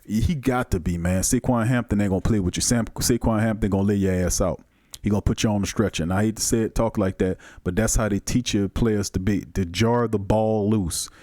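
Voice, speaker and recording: A man's voice: lowish voice, a little fast, dry recording, clean studio sound. New man hosting a sports podcast. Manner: loose, animated, reads viewer comments aloud. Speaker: podcast host. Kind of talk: casual live-stream chat.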